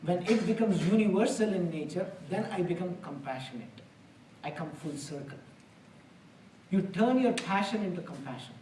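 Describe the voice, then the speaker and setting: A man's voice: sits high, expressive, moderate pace, darkish tone, slight background noise. A man giving a conversational spiritual discourse in a temple hall, earnest and plain-spoken, with homely examples. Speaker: spiritual lecturer. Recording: roomy, distant mic in a hall.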